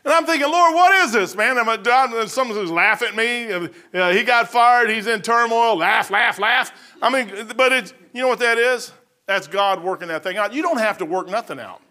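A middle-aged man preaching a sermon, telling a personal story and moving between hushed asides and excited outbursts. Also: high voice. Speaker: pastor.

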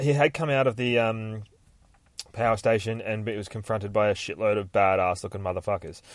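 A man hosting a podcast, casually recapping a comic book in a rambling, sweary, excitable way. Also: on the low side, no room sound, studio quality. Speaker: podcast host.

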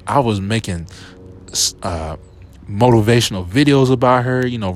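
A young man hosting a podcast, casually telling a personal story to his listeners, his voice jumping up when exasperated. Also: mid-range voice. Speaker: podcast host.

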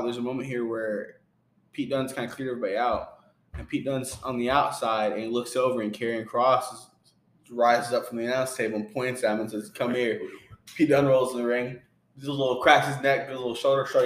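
Rambling man recapping wrestling, roomy echo. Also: mid-range voice. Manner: rambling play-by-play, many fillers and laughs. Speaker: podcast co-host recapping wrestling. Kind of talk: casual chat.

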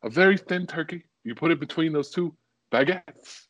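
Guy doing a fake french accent, slow and halting, bit higher voice, dry sound. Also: a bit bright, no room sound, low-quality recording. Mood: deadpan. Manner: halting, slow, pausing mid-phrase. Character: Christopher Walken doing a French accent, explaining a sandwich.

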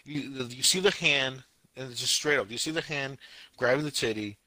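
A young man co-hosting a casual podcast, recounting a show with exasperated, animated energy and silly put-on voices for the scenes. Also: medium pitch, moderate pace, no echo. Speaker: anime podcast co-host. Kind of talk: casual podcast review chat.

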